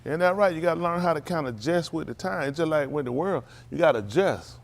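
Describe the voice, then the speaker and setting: A man's voice: on the high side, animated, quick pace. A man, a pastor making folksy, teasing small talk with his congregation in a loose call-and-response way before the service. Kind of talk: informal pre-sermon banter with congregation. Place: congregation hall.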